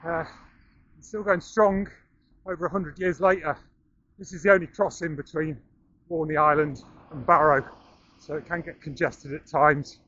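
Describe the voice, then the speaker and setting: A slightly out-of-breath middle-aged man keeps up a running commentary with dry, self-deprecating wit while jogging outdoors through town and over a bridge. He's a running vlogger filming on an action camera, and his fairly high, steady, sharp voice moves at normal speed with long pauses, the highs cut off.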